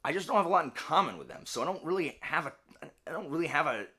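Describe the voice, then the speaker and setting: Southern man, late 30s, vlogger; animated, wandering chat with a bright, forward tone. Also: fairly high pitch, quick pace. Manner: animated, rambling with many restarts and asides. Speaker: vlogger and teacher. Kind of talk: casual personal chat to camera.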